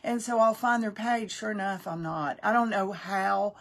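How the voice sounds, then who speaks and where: A woman's voice: medium pitch, steady tone, normal speed, gravelly. A woman hosting a craft livestream, chatting casually and greeting viewers by name. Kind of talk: casual live-stream chat.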